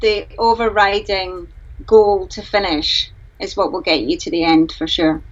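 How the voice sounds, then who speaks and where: A woman's voice: fairly low pitch, steady tone, a little slow, highs cut off. A woman from Scotland, a guest on a live-streamed video call, answering frankly and thoughtfully with many fillers. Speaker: ultra runner guest.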